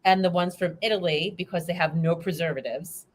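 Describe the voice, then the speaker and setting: A woman's voice: fairly low pitch, steady tone, a little fast. A woman co-hosting a live talk show, chatting casually and often restarting her sentences. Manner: chatty, with many likes and restarts. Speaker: co-host. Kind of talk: casual chat.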